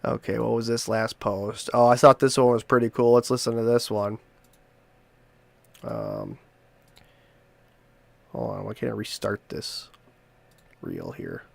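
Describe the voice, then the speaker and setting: A man's voice: on the low side, lively intonation, measured pace, creaky, pauses often, no room sound. A male host rambling in casual chat, swearing and restarting his sentences often.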